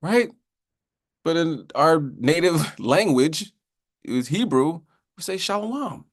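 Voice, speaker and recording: A man's voice: a little high, animated, takes it slowly. A man teaching a casual Bible class in a loose, chatty way, often asking "you know what I mean" and slipping into joking voices to act out sayings.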